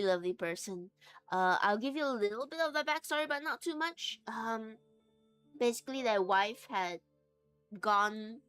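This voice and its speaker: A woman's voice: mid-range voice, fairly bright tone. A woman streamer and game master chatting casually while she sews, laughing often and trailing off into restarts.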